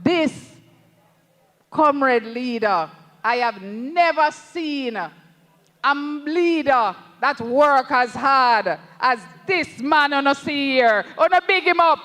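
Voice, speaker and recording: A parliamentary candidate with a Jamaican accent gives an impassioned political rally speech, slow and emphatic, repeatedly turning to address the party leader. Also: high-pitched, pushed and bright, long reverb tail.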